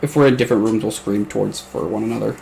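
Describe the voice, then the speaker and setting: A man's voice: on the low side, fast, vocal fry, a little mellow, a little hiss or hum, rough recording. A young man from the Midwest, hosting a casual podcast chat, rambling along with lots of swearing and laughter. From American Midwest. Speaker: podcast host.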